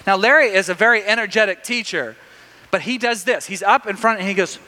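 Bright, high-voiced male preacher in a hall. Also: brisk. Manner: animated storytelling with many restarts. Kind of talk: sermon.

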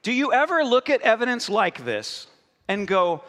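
A man's voice: extremely high pitch, normal speed. A man preaching a sermon to his congregation, joking and talking straight to the room. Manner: joking, animated, talks to the congregation. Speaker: pastor. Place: church hall. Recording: live in a reverberant hall.

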